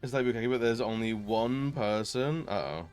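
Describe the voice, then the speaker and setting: A man's voice: on the low side, moderate pace, clean tone, faint music behind. Chatty male streamer. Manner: chatty, laughing, greets chat warmly, many fillers. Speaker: variety streamer. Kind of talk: casual live-stream chat.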